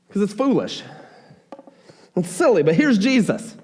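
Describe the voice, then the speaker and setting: A man preaching a sermon as pastor, talking in an animated, emphatic way with frequent restarts. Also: high voice, moderate pace.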